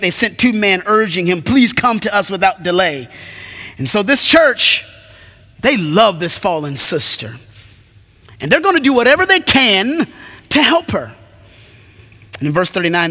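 A man pastor preaching an earnest, animated sermon with dramatic pauses in a church. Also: high voice. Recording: echoey hall.

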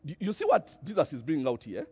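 A man preaching a sermon, animated, with many rhetorical questions and a habit of tagging "eh?". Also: a little high, quick pace, dull audio, faint music behind.

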